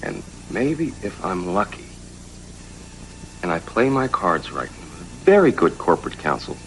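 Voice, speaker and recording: An actor playing a sardonic, mocking business partner in a 1980s soap opera. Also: male voice, deep voice, big pitch swings, normal speed, a little hiss or hum, rough recording.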